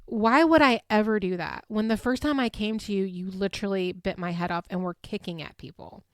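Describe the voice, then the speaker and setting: A woman's voice: medium pitch, fairly quick, no echo, studio quality. Chatty woman recapping a reality show. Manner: chatty, animated storytelling with lots of fillers. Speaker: podcast host. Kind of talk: casual recap chat.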